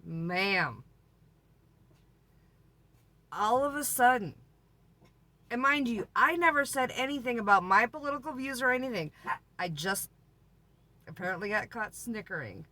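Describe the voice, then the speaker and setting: A woman's voice: fairly high pitch, lively intonation, measured pace, pauses often, sharp tone, no echo. A woman RV vlogger telling a story in a chatty, laughing, exaggerating way. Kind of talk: story time vlog.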